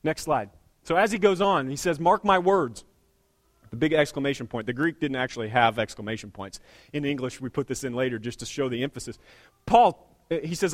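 A man giving a conversational sermon as a pastor, with joking asides and slowed words for emphasis. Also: mid-range voice, dry recording, studio quality.

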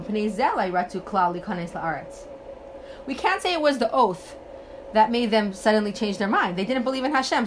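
A woman teaching a religious text, reading Hebrew passages aloud, then translating and explaining them with rhetorical questions and lively retelling. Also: medium pitch, slight background noise. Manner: animated storytelling with rhetorical questions. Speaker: Torah teacher. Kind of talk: text study lesson.

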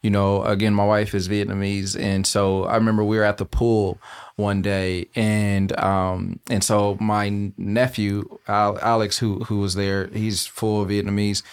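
A man's voice: on the low side, flat delivery, a little slow, clean tone. A man on a parenting panel telling a personal story in an earnest, casual way with frequent restarts. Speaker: podcast co-host, father.

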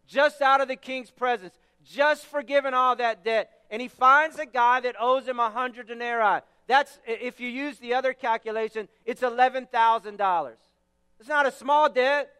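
A man's voice: very high voice, normal speed, sharp tone, clear, resonant tone, long reverb tail. A man preaching a sermon as pastor, stressing his points by repeating phrases.

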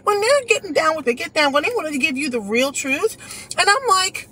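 Animated high-voiced American woman. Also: fairly quick, slight background noise. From United States. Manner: opinionated, animated, reads chat aloud. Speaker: channel host. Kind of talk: livestream commentary.

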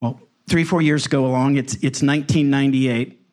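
A middle-aged man, a pastor, telling a story in a folksy, animated way with wry asides. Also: medium pitch, normal speed. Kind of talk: storytelling sermon.

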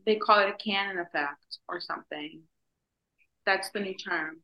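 A young woman co-hosting a podcast, rambling casually with lots of "like" and animated storytelling. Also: on the low side, moderate pace, dull audio. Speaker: podcast co-host. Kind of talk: casual chat.

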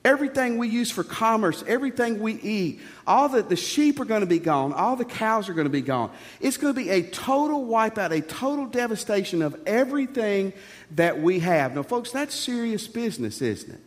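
A male pastor preaches with a high-pitched voice, stressing his points hard while talking to his listeners like a conversation. His words ring out with a long reverb, as in a large hall. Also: big pitch swings, normal speed. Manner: emphatic, conversational preaching that addresses the congregation. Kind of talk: sermon.

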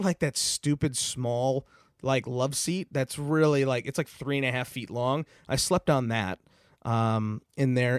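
A man's voice: mid-range voice, dry recording, studio quality. A young man hosting a podcast, telling a long personal story in a rambling, casual way, full of fillers and swearing. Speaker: podcast host.

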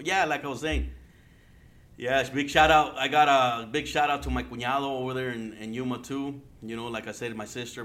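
A man from Arizona talks loosely on his own podcast, rambling from one thought to the next with constant cursing and bits of Spanish slang. His voice is bright and forceful at an ordinary mid pitch, and he jokes and laughs at himself. There is a faint hiss of noise under the voice. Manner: rambling and heavily profane, slipping in Spanish slang. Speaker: podcast host. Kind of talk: casual solo podcast talk.

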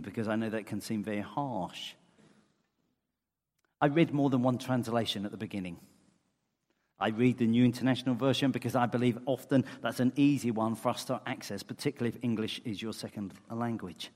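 A man preaching a sermon in earnest tones, moving between loud emphasis and soft, tender asides. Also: mid-range voice, fairly quick. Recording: long hall reverb.

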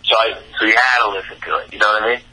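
A middle-aged man, a rock singer, telling his story in a rambling, halting way full of fillers. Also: fairly low pitch, steady tone, bright, forceful tone, low-quality recording. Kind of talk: casual storytelling interview.

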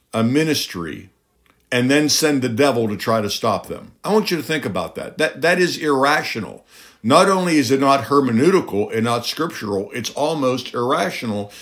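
A man's voice: medium pitch, a bit bright. A middle-aged man preaching a sermon, emphatic, with rhetorical questions and a voice that climbs on key points.

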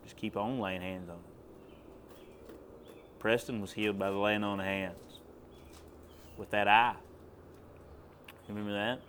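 Man, preacher, storytelling sermon, drawling, bright tone, faint background noise. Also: on the low side, fairly even intonation, unhurried, long pauses. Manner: storytelling, drawling, rising to loud commands. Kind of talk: sermon testimony.

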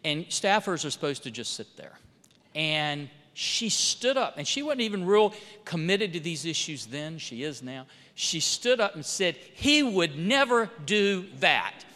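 A man, a congressman, telling stories in a speech at a church, swinging between loud and soft emphasis and acting out quoted dialogue. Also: on the high side, very animated, unhurried. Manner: storytelling with rising and falling emphasis, quoting others in dialogue. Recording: long hall reverb.

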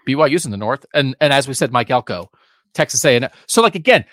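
A man's voice: mid-range voice, animated, fast talker, a bit bright, no room sound, studio quality. A man co-hosting a sports podcast, giving emphatic, opinionated talk with sarcastic asides.

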